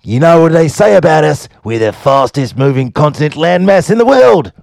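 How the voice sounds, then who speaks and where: A man's voice: big pitch swings, moderate pace, creaky, a little mellow, dry recording. A man putting on an exaggerated Australian accent to voice a jokey Australian bloke. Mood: mock-indignant. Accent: put-on Australian. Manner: exaggerated, raised pitch.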